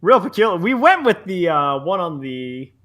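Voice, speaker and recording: A man's voice: sits high, big pitch swings, normal speed, a bit bright. A young man from Central New Jersey, co-hosting a podcast in a casual, rambling chat full of fillers. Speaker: podcast co-host.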